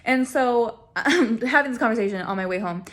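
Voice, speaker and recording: Speaking briskly in a slightly bright voice, a young vlogger shares a personal story on camera. She pokes fun at herself, laughs frequently, and performs quoted lines with wide swings in pitch.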